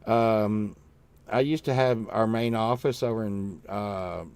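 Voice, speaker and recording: Man, very slow talker, rambling casual livestream chat, jokey, swears. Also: fairly low pitch, darkish tone, clear, resonant tone. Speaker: livestream co-host.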